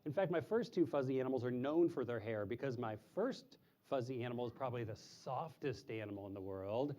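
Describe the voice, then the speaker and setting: This man's voice is dark in tone, fairly quick, and lively in intonation. He's presenting live animals to children, keeping it chatty and simple, and now and then he hoots like an owl in a high voice for the kids' show.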